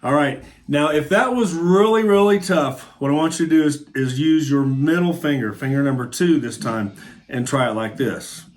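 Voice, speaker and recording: A man's voice: on the high side, moderate pace. Encouraging man teaching guitar. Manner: friendly, encouraging, thinks aloud. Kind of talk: casual guitar lesson. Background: guitar playing.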